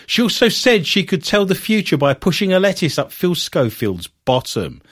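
A playful man hosting a comedy podcast, his voice a little high and swinging widely in pitch. He teases his co-hosts and laughs often as he reads out strange news items. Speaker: host.

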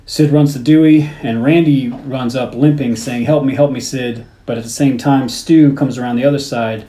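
A man's voice: medium pitch, steady tone, warm tone. Man recapping a movie in an echoey room. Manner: talks through the plot step by step, with 'uh' pauses. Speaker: podcast co-host. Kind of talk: casual chat, recapping a film. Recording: echoey room, faint background noise.

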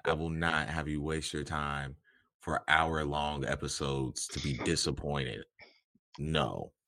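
A man in casual podcast chat who talks bluntly and laughs loudly. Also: extremely low pitch, steady tone, slow, no room sound.

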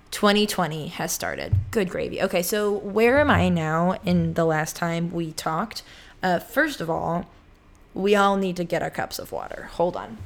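Speaking unhurriedly in a lowish voice, this twentysomething podcast host records alone in her apartment. She rambles in a chatty way, interrupting herself and filling her speech with "like."

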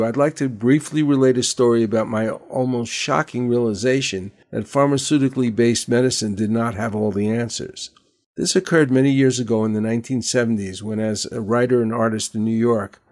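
An older man hosting a radio show, telling a personal story in measured, earnest narration. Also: mid-range voice. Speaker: radio host.

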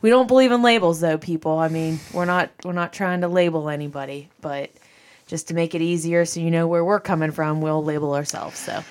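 A woman's voice: sits low, fairly even intonation, fairly quick, a little mellow. A woman in her thirties from northern Ohio, co-hosting a casual podcast and laughing often. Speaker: podcast co-host. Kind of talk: casual chat.

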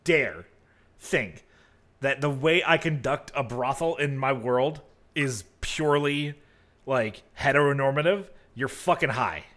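A man's voice: medium pitch, unhurried, a bit bright. Rambling male game master. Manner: casual, rambling, full of fillers. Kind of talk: narrating a tabletop game.

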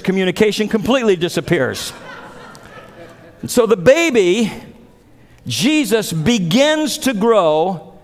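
A man pastor preaching a dramatic sermon, acting out the voices of biblical figures. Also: high-pitched. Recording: long hall reverb.

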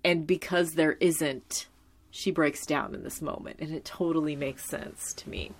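A woman's voice: low-pitched, fairly even intonation, unhurried. A young woman talking casually about a TV episode, earnest and close to tears, with lots of filler words. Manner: heavy use of filler words like "like". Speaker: tv show commentator. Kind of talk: casual personal commentary.

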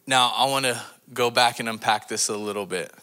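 A man preaching a sermon as a missions pastor to a congregation, asking them rhetorical questions and swinging his voice dramatically in pitch and loudness. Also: fairly even intonation, a little fast, clean tone. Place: church service before a congregation.

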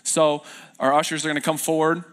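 A man's voice: a little high, level tone, a little fast, a bit bright, clean tone. A young man preaching a sermon as pastor in a church, telling stories in a loose, self-deprecating way with fillers and restarts. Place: church sanctuary.

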